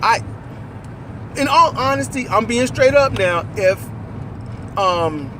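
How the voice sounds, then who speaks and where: A man in casual, animated conversation about a movie, riffing with profanity and acting out lines while riding in a car. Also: extremely high pitch, slow pace, noisy background. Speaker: co-host.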